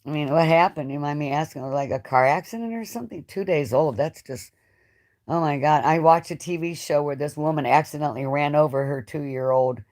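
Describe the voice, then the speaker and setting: A woman with a low voice talks in an emotional, halting ramble, often restarting her sentences. She is hosting a live-stream chat with a guest. Her tone stays raw and unpolished throughout. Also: darkish tone. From United States. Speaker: channel host.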